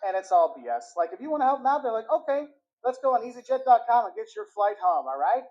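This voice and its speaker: A man hosting a travel video, giving quick tips and acting out the lines of street hustlers. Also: extremely high pitch, dull audio. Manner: animated, acts out scammers' lines. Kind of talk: brisk travel-tips talk to camera.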